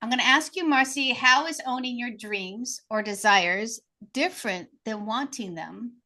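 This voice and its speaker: Bright-voiced woman co-host. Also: a little high, unhurried. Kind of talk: live show talk.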